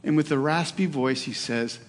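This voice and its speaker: Middle-aged male pastor, slightly high voice, earnest sermon storytelling, long hall reverb. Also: moderate pace. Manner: earnest storytelling with hesitations and restarts.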